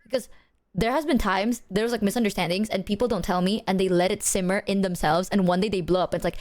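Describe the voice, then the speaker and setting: A woman's voice: mid-range voice, quick pace. A woman streamer in casual chat, telling stories animatedly with plenty of swearing and acted-out quotes. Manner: animated, profane storytelling, acting out her own side.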